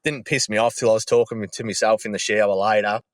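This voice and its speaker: A man's voice: on the low side, fairly even intonation, fast talker, no echo, clean studio sound. Male caller, angry ranting tone, heavy swearing. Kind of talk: phone-in rant.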